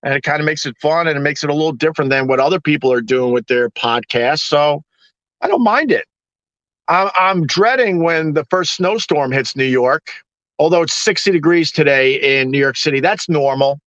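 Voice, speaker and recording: Ranting stream host, male, higher voice, bone-dry and slightly muffled sound, sarcastic and exasperated. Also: a little fast, a bit bright, no room sound. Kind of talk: ranting live-stream chat.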